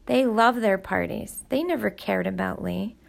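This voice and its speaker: A sullen, grieving boy mutters his complaints and recites facts in a flat, dead voice, as a woman reads him. The sound is gravelly and subdued, in a storybook reading. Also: mid-range voice, moderate pace. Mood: glum bitter. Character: glum, bitter grieving rich boy.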